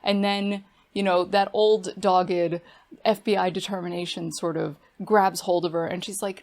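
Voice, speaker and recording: A woman's voice: fairly low pitch, steady tone, measured pace, a little mellow. A woman book reviewer giving a casual, chatty plot recap full of fillers. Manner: chatty, filler-heavy retelling.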